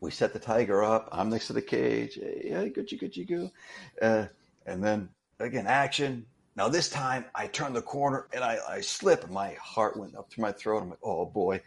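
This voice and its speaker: A man telling a story in casual conversation, animated and full of restarts. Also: lowish voice, normal speed, vocal fry, few pauses. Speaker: interview guest, stuntman.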